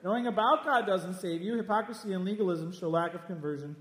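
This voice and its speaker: Emphatic high-voiced preacher in an echoey hall. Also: male voice, fast talker, a bit bright. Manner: emphatic, repeats lines, speaks straight at listeners. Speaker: pastor. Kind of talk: sermon. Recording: echoey hall with long reverb.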